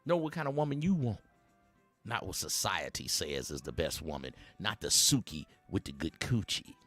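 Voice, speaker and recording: Male host, streetwise uncle type, preachy and rambling, very animated delivery, faint music bed. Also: low-pitched, normal speed. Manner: animated, chuckles between points. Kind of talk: satirical dating advice monologue.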